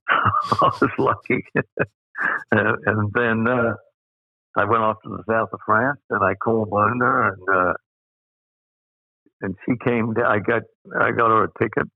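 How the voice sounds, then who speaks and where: A man's voice: lowish voice, steady tone, measured pace, creaky, long pauses, no echo. A man in his eighties from Australia, a guest telling rambling anecdotes and chuckling through his own stories. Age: 80s. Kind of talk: anecdotal storytelling. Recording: tinny phone-like line, dry.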